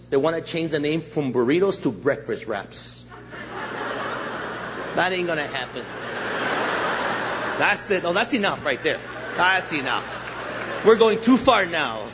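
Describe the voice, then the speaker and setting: High-voiced, jokey older preacher. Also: male voice. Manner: jokey, animated, laughing at his own stories. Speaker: guest pastor. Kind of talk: humorous storytelling sermon. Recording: echoey church hall, dull muffled sound, faint hiss.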